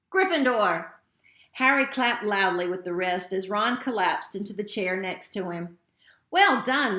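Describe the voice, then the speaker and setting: A woman reading a novel aloud in a steady, expressive way. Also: mid-range voice. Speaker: narrator. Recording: roomy echo.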